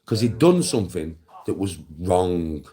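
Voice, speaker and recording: Ranting English man with a lively low voice. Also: a little slow. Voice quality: coarse, swearing, lively delivery. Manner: lectures the viewer directly, answers chat. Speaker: live-stream host. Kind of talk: blunt ranting monologue.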